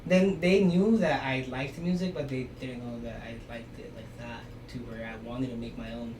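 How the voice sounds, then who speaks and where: A man's voice: mid-range voice, normal speed. A young man, a podcast guest, telling stories casually and loosely, with lots of "you know" and "like". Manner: relaxed storytelling, many fillers like "you know" and "like". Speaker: podcast guest, aspiring musician. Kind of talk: casual conversation. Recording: echoey room, distant mic, background noise.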